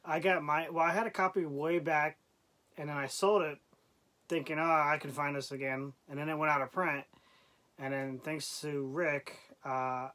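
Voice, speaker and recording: A man co-hosting a casual livestream, quiet and laid-back, speaking away from the mic. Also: mid-range voice. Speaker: co-host.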